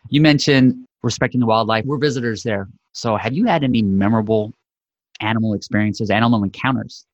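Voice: medium pitch, fairly quick, no room sound. An interviewer asking a guest follow-up questions, with brief encouraging replies. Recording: dull, dry sound.

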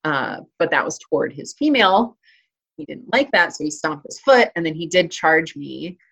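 Low-voiced chatty woman hiker. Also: expressive, normal speed, fairly bright tone, slightly rough. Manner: chatty, many fillers and restarts. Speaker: interview guest, hiker and trail runner. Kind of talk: casual interview talk.

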